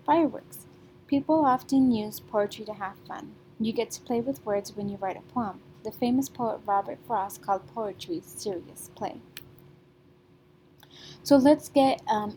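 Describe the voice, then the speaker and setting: A young woman teaching a recorded reading lesson, her voice mellow and soft-edged. She talks in a patient, sing-song classroom way, checking in often with her students. A faint low rumble sits behind her.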